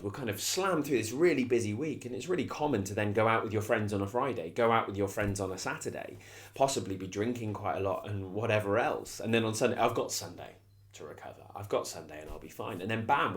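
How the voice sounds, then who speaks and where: A middle-aged man, giving a reflective, conversational self-help talk as a coach and often restarting his phrases. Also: on the low side. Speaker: coach and consultant.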